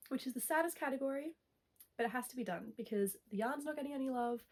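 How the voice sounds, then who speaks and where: A woman's voice: medium pitch, darkish tone. Young woman, congested and nasal from a cold, casual rambling chat to camera. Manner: chatty, rambling with self-corrections. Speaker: knitting vlogger.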